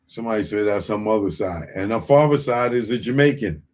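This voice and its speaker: A man's voice: on the low side, animated, a little fast. A male comedian hosting a live comedy show, talking in an exasperated way and repeating his points. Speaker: comedian host.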